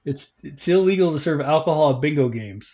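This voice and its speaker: A man's voice: a little high, animated, fairly quick. Chatty male podcast host, lo-fi sound. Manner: chatty, reads facts off notes, laughs easily. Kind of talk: casual podcast chat.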